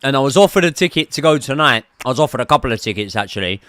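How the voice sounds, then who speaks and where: A man's voice: mid-range voice, lively intonation, very fast, fairly bright tone, no room sound, studio quality. Chatty man hosting a stream. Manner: chatty, swears casually, reads out viewer messages. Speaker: host of a football watchalong stream. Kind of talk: casual live-stream chat and commentary.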